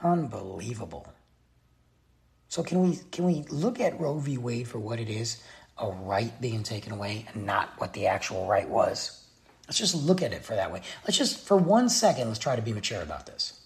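Gravelly exasperated man ranting. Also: fairly low pitch, sing-song, moderate pace. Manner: exasperated, blunt, talks straight to the viewer. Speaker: vlogger. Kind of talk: opinion rant to camera. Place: Texas.

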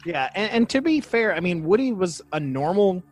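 A man's voice: sits high, very animated, normal speed, soft background music. A man co-hosting a casual podcast, chatty and easygoing, reading quotes aloud and laughing easily. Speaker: podcast co-host. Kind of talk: casual chat about paranormal lore.

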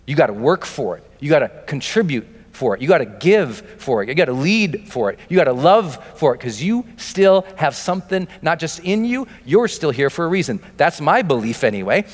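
A man's voice: a little high, sing-song, a little fast, hardly any pauses. Emphatic man rallying a hall. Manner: emphatic, rising to shouts, repetitive rallying cadence. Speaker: motivational speaker. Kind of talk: live motivational seminar talk. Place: large seminar hall with audience. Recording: echoey hall reverb with faint music.

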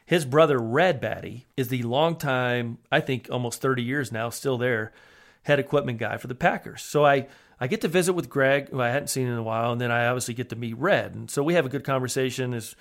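A man's voice: medium pitch, a little fast, gravelly. A man who played football, co-hosting a sports podcast, speaking earnestly and telling stories from his playing days. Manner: earnest, conversational storyteller. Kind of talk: casual sports podcast chat and storytelling.

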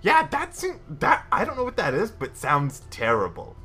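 A man's voice: sits high, wildly swooping pitch, moderate pace, pushed and bright, breathy edge, pitched above the performer's own voice, full character voice. A man voicing a nervous, evasive male magister who stammers and hedges. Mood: flustered. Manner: flustered, hedging, stammering.

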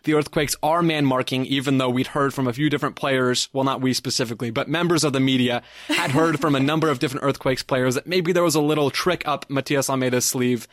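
A man's voice: medium pitch, fairly even intonation, quick pace, dry recording, studio quality. A man co-hosting a casual soccer podcast, easygoing and leading the talk with frequent laughs. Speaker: podcast co-host.

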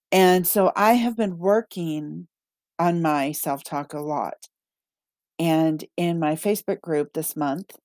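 Chatty woman with a low, dry voice. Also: warm tone, no room sound. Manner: chatty, laughs often, reads listener comments aloud. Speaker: podcast host and manifesting coach. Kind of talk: casual solo podcast talk.

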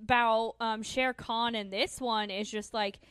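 A young woman co-hosts a podcast in an eager, gushing chat, her voice a touch high. She fills her talk with likes and drawn-out oohs. The sound is dry and close. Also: fairly even intonation, a bit bright, clean tone, no echo. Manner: enthusiastic, chatty, full of likes and ooh. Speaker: podcast co-host. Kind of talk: casual chat.

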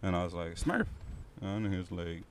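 A man's voice: low-pitched, fast talker, slight background noise. Slangy young man telling a street story. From Los Angeles. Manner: slangy, profane, animated storytelling. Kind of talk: casual storytelling among friends.

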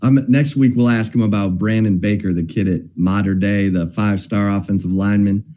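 Sports talk host guy, upbeat, hypes everything, mellow warm voice. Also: fairly low pitch, fairly even intonation, brisk. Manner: upbeat, hypes guests and sponsors.

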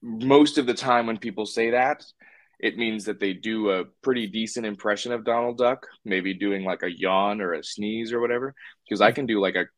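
A man's voice: fairly low pitch, moderate pace, no room sound. A man talking as a puppeteer guest in a casual interview, rambling with lots of fillers and restarts.

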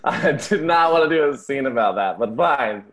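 A man doing improv comedy on a podcast, playing a reluctant, exasperated actor with dry deadpan lines. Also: mid-range voice, moderate pace.

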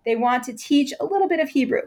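Woman explaining in measured detail. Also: sits high, lively intonation, darkish tone. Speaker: scholar guest. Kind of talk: interview answer.

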